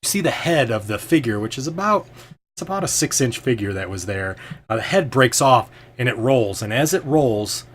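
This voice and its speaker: A man's voice: mid-range voice, lively intonation, normal speed, slight background noise. A man as game master, narrating a tabletop game in a hesitant way with many ums and restarts.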